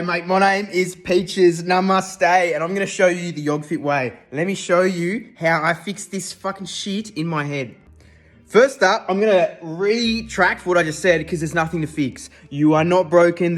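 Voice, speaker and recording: A man's voice: a little high, normal speed, faint music behind. An Australian man giving a raw, unscripted self-help talk in a casual, sweary way, checking in with "okay?" often.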